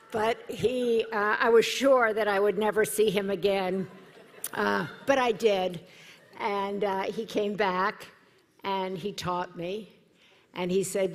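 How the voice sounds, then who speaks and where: A woman's voice: mid-range voice, slow. Earnest American woman speaking in a hall. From United States. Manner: warm, earnest, animated when quoting others. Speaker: event speaker. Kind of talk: personal speech at a dinner event. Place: large hall at a dinner event. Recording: hall reverb in a large room.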